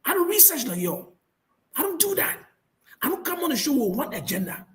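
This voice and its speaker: Insistent high-voiced man debating. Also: sing-song, a little fast, poor audio. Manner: insistent, repetitive, defensive. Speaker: panel guest. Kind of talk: heated live panel debate.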